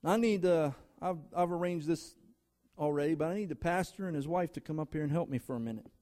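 A man's voice: on the high side, fast talker, mellow. A man preaching a sermon as a guest speaker to a church congregation. He speaks emphatically, drives his points home in rhythmic lists of short phrases and talks straight to the listeners.

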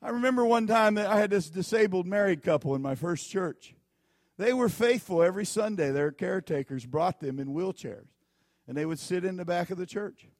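A man's voice: high-pitched, moderate pace, a little mellow, no echo, clean studio sound. Folksy, emphatic preacher man. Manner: folksy, emphatic storytelling with repeated warnings. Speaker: pastor. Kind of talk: sermon.

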